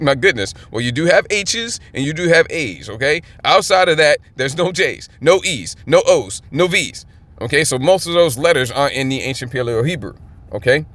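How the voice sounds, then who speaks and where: A Bible teacher with a slightly high, somewhat bright voice teaches scripture in a fired-up, emphatic way. He keeps checking in with his listeners, often asking "okay?"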